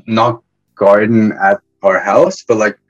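A man's voice: lowish voice, steady tone, takes it slowly, lo-fi sound. A young man from Iran, a podcast guest telling casual, self-deprecating stories with frequent restarts. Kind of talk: casual interview storytelling.

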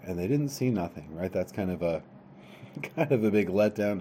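A man tells a folktale by reading each line and then translating it in a casual, chatty way, often restarting his phrases. His voice is low and mellow, and it rises and falls a lot as he goes. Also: animated, normal speed, a little hiss or hum. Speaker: storyteller. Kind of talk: reading a Hebrew tale aloud and translating it into English.

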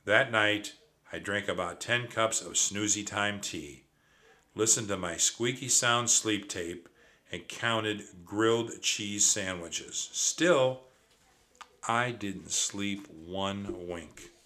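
A man reading a children's storybook aloud in an expressive first-person narration. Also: lowish voice, slow.

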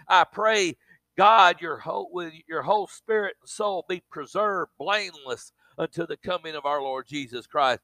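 A man's voice: high-pitched, normal speed, bright, forceful tone, no room sound, rough recording. A man preaching a sermon with emphatic delivery, repeating words and dropping in frequent amens.

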